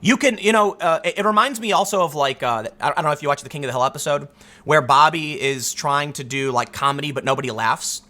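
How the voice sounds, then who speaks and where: A man's voice: fairly high pitch, fast talker, bright, forceful tone. A man hosting solo political commentary, talking emphatically and arguing his point. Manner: emphatic, argumentative, acts out quotes in other voices.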